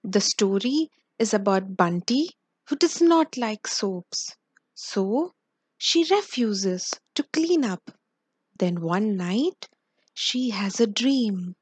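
A woman reading a children's story aloud in a slow, expressive way. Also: medium pitch, breathy edge, dry recording.

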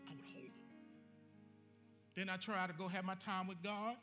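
A man preaching a sermon as pastor, animated and colloquial, joking with his congregation. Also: high voice, brisk, music in the background.

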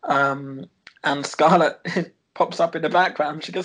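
A chatty man recapping a TV show episode, with a voice pitched a bit above average. He rambles between plot points and often breaks into giggles. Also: steady tone, a little slow, fairly bright tone, poor audio.

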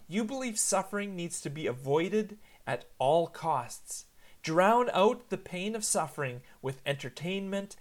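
Earnest man in his thirties preaching. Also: on the high side. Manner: earnest storytelling, slows for emphasis. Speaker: pastor. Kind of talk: sermon.

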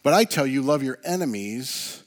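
A man preaching a sermon as pastor, earnest, often dropping to a soft hush on key words. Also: mid-range voice, lively intonation, normal speed.

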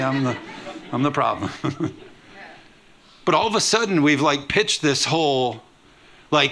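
A man preaching a sermon to a congregation as pastor, emphatic and lively, often asking the room if they are with him. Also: fairly high pitch, moderate pace, pauses often. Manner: emphatic preaching with call-and-response questions to the congregation. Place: church sanctuary.

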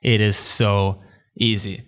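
A man's voice: on the low side, little pitch movement, takes it slowly. Upbeat chatty male podcast host. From England. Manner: upbeat, chatty, jokey asides. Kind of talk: solo podcast monologue.

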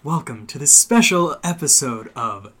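A man's voice: mid-range voice, animated, normal speed, fairly bright tone. A man hosting a casual comedy podcast, reading with playful mock-dramatic announcer flair. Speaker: podcast host.

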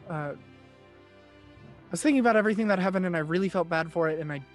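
A man voicing a gentle young woman who speaks haltingly in a tabletop role-play. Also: sits high, soft background music, lightly acted. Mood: apologetic. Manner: hesitant, stumbling. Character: gentle young woman giving an anxious gift.

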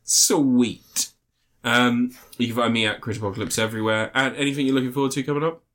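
A man's voice: medium pitch, very fast. Sweary man chatting on a podcast. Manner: sweary, animated, laughs a lot. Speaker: podcast co-host. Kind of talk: casual film review chat.

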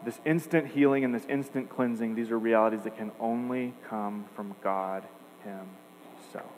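A man's voice: medium pitch, steady tone, moderate pace, a little mellow. A man preaching a sermon, earnest and emphatic, building points with repeated phrases. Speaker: pastor. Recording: echoey hall, faint hum.

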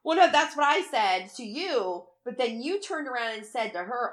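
A woman's voice: a little high, normal speed, few pauses. A woman in casual chat, telling a story with lots of feeling, acting out what she said and cursing freely. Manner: animated storytelling, acts out her own quotes, swears freely.

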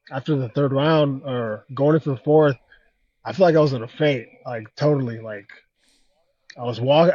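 A man as a podcast guest in casual conversation, halting and reflective, filling pauses with "man" and "you know.". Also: on the high side, highs cut off. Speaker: guest fighter.

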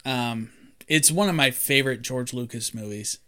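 A man's voice: medium pitch, normal speed, clear, resonant tone. A man, co-hosting a casual podcast chat and recapping a film with jokes and acted-out quotes. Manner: joking, animated storyteller who acts out quotes. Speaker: podcast co-host.

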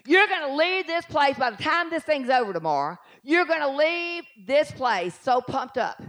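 High-voiced woman preacher. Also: normal speed. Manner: lively, swings from hushed asides to shouted declarations; acts out doubting voices in a low mutter. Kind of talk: live sermon.

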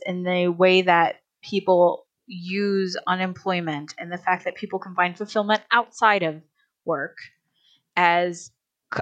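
A woman's voice: on the low side, fairly bright tone, dry recording. A woman in a casual podcast discussion, talking in an emphatic, passionate way with sarcastic rhetorical questions.

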